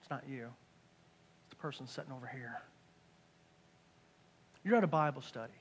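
A man preaching a conversational sermon, dropping into hushed asides and rising into loud excited bursts. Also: mid-range voice, moderate pace, slightly rough. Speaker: pastor.

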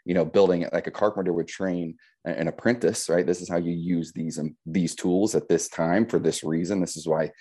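A man's voice: deep voice, fairly even intonation, a little fast, few pauses, mellow. A middle-aged man in a casual podcast conversation, explaining his views reflectively and often checking in with "right?". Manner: reflective, explains with metaphors, frequent "right?" tags.

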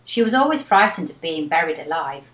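A woman reading a wartime father's lines in a steady, authoritative way in an echoey room. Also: deep voice, brisk. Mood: matter-of-fact.

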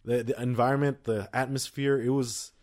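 A man's voice: mid-range voice, little pitch movement, normal speed, a little mellow. A man co-hosting a podcast in casual chat, rambling and full of fillers and restarts. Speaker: podcast co-host.

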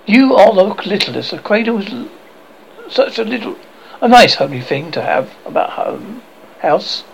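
A man's voice: sits high, sing-song, normal speed, gravelly, slight background noise, voice pushed up, full character voice, low-quality recording. A man reading aloud and voicing a bossy, motherly young girl who scolds and fusses over the other children. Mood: fussing. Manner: fussy, scolding.

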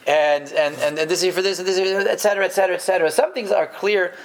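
A man teaching a live Torah class, his voice sitting a little higher than most men's. He talks animatedly, punching key words with sudden lifts and sinking into low asides. He jokes easily with his students. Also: very fast, slight background noise. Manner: animated, emphatic, jumps between loud stresses and low asides.

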